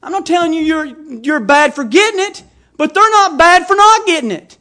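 A middle-aged man preaching a sermon in a folksy, emphatic way that rises to fervent shouting. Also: very high voice, animated, moderate pace.

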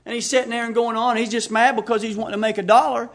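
A preacher from the United States giving an emphatic sermon, reading scripture aloud and telling stories. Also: male voice, extremely high pitch, little pitch movement, fast, fairly bright tone. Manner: emphatic, reads scripture aloud and tells anecdotes.

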